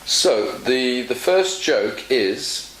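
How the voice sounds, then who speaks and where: A man teaching English in a relaxed online lesson, explaining slowly and patiently with many fillers. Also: mid-range voice. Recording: echoey room with faint hiss.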